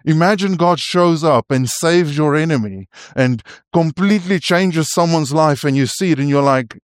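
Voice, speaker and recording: A man's voice: on the high side, a little slow. A man delivering a sermon in a somewhat raised voice. He is earnest and keeps restarting his phrases, and he turns often to his listeners. The sound is close and dry, with no room echo. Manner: earnest, stumbling restarts, rhetorical asides to listeners. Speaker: preacher.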